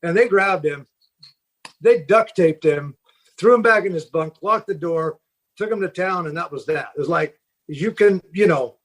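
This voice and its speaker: A man's voice: on the high side, moderate pace, a bit bright. A middle-aged man from Seattle, a fishing boat captain, telling stories in a rambling podcast interview, full of fillers and restarts. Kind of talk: casual storytelling in a podcast interview.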